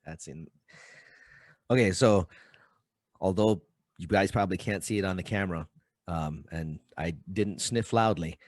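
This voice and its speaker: A man's voice: deep voice, dry recording. A man hosting a podcast, earnest and encouraging in casual chat with his guest. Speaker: podcast host.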